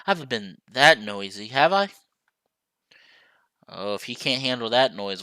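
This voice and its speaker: A man's voice: lowish voice, animated, measured pace, pauses often, pushed and bright, clear, resonant tone, no room sound. A young man streaming a visual novel, reading it aloud and chatting to viewers in a playful, apologetic way.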